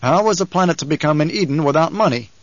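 A man's voice: a little high, lively intonation, quick pace, dry recording, lo-fi sound, lightly acted. A man voicing a confident nobleman in an audiobook, firm and probing in how he talks. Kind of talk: audiobook character reading.

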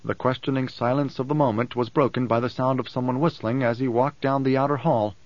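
A male audiobook narrator reading in an even, measured way. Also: medium pitch, no room sound, muffled recording. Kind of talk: scripted narration.

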